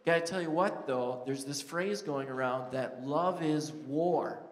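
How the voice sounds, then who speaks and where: A man's voice: fairly high pitch, measured pace. A male pastor preaching a sermon in a church sanctuary, telling stories in a conversational, joking way. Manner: conversational, storytelling, jokes with the crowd. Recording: echoey church hall reverb.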